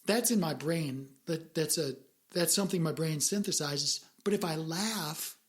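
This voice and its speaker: A woman co-hosting a casual podcast, talking in an earnest, reflective way as she works through her ideas out loud. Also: sits low, unhurried. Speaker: podcast co-host.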